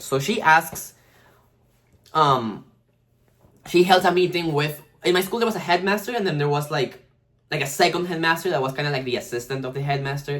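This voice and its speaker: A man's voice: on the high side, a bit bright. A man in his twenties telling a casual storytime, rambling, swearing and full of slang and fillers. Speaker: vlogger.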